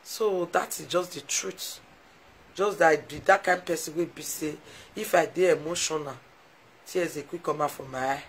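In a low-pitched, slightly rough voice at a moderate pace, a woman with a Nigerian Pidgin English accent chats with live stream viewers, gushing heartfelt thanks to them frequently. The recording is low in quality.

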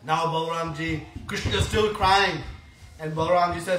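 A man preaching a devotional story in a high, bright voice. He is animated, acts out voices and laughs often as he tells it. The sound comes off-mic from an echoey room with faint noise behind. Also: moderate pace. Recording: echoey room heard from a distance.

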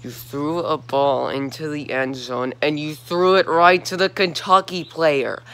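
A man's voice: a little high, fairly even intonation, unhurried, sharp tone, slight background noise. A man from Georgia in the US, hosting his own sports talk vlog and ranting in disbelief, with lots of repeated questions. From Georgia, USA. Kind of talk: solo sports rant vlog.

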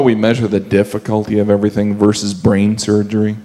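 A man performing a stand-up comedy set, dropping into high-pitched character voices. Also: completely flat delivery, fairly quick, mellow. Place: comedy stage. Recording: live room with audience noise. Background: audience laughter.

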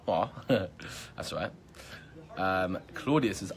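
A magician hosting a live stream, reading viewer comments aloud in casual, upbeat chat and hyping the audience, with lots of "um" and "like.". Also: male voice, sits low, slow, fairly bright tone. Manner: upbeat, hypes viewers, many fillers like "um" and "like". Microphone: phone or laptop live stream.

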